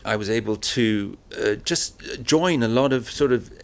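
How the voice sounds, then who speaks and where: A man's voice: mid-range voice, measured pace, creaky. A man as an interview guest, talking candidly and animatedly, with many fillers and restarts, recorded live in a shop. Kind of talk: casual interview talk.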